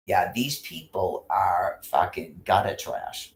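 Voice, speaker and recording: A man's voice: low voice, very animated, takes it slowly. A man ranting angrily and rambling, full of profanity and restarts. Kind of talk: casual rant. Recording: roomy echo.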